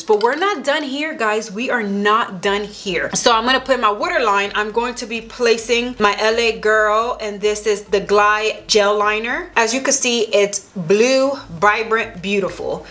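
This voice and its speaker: A woman's voice: mid-range voice, a little slow, hardly any pauses, a bit bright. A young woman vlogger narrating a makeup tutorial, gushing and enthusiastic as she applies products. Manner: gushing, enthusiastic, talks while applying makeup. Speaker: beauty vlogger.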